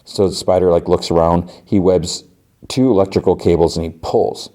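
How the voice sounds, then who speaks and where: Man, podcast host, casual episode recap, very low voice, mellow, lots of "like" fillers. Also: steady tone, normal speed. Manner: loose retelling full of "like" and "uh".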